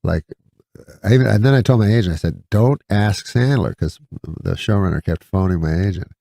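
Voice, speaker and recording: Male comedian guest, very low and gravelly, rambling anecdotes, dry close sound. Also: expressive, brisk, warm tone, no echo. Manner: rambling anecdotes with many fillers and acted-out quotes. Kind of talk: casual talk-show storytelling.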